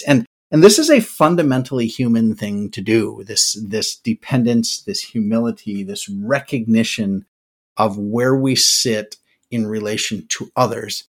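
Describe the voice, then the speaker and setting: Speaking at a normal speed in a lowish voice, an older man hosts a casual podcast monologue. He reflects and muses out loud, often breaking off to begin his words again.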